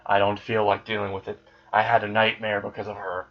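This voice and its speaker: A man voicing an arrogant young male demon who is tired of his fans, speaking with casual sarcasm and quiet menace. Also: lowish voice, little pitch movement, fairly quick, dull audio, close to an everyday voice. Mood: smug.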